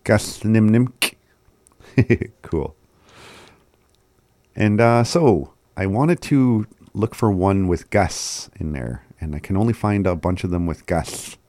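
A man with a very low voice gives a relaxed language lesson, breaking words into syllables and repeating them unhurriedly. He chuckles at himself often, and the recording is close and dry. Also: slow pace, no room sound. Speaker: language teacher.

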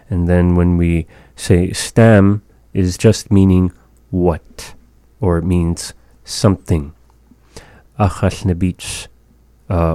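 Male language teacher, low and warm, slow and deliberate, dry close recording. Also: dry recording. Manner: deliberate, pauses to find words, sounds out phrases syllable by syllable. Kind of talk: slow, patient language lesson.

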